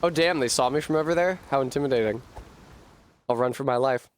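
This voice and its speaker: A man's voice: mid-range voice, fairly quick, background noise. A man streaming a video game, thinking aloud with profane, sardonic commentary. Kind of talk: live gameplay commentary.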